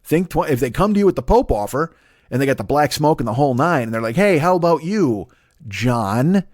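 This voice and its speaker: A man's voice: medium pitch, expressive, fast, no echo, clean studio sound. A man doing a rambling, profane comedy monologue. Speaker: stand-up comedian.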